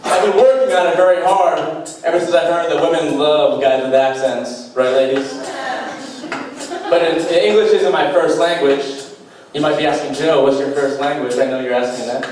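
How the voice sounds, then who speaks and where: A young man doing a stand-up comedy set, delivering deadpan one-liners with self-deprecating asides on a small club stage. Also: a little high, normal speed, crowd noise. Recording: echoey club heard from far off. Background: faint beatbox and room noise.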